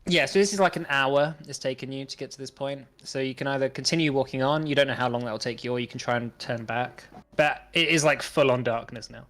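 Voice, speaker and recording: A man's voice: medium pitch, steady tone, quick pace, few pauses, fairly bright tone. A man narrating as game master of a tabletop game, hesitant, with many fillers and restarts.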